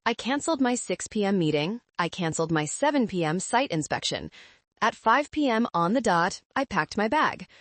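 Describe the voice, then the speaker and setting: A woman reading a first-person story in a measured, calm narration. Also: medium pitch, no echo.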